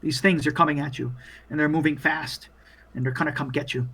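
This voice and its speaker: A man's voice: a little high, fairly even intonation, brisk, a bit bright, breathy edge. A young man narrating a horror tabletop game as game master, in a loose, profane, filler-heavy way.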